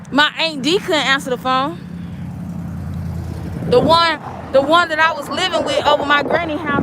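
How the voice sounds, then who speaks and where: High-pitched woman vlogging on the street waiting for the bus, super animated, emphatic. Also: noisy background. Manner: animated, emphatic, colloquial storytelling. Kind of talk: casual storytelling vlog.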